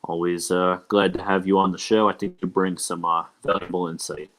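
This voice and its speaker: Young man, very deep voice, podcast host, loose rambling chat. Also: level tone, brisk, a bit bright. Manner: loose and rambling, many ums and uhs. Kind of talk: casual livestream podcast chat.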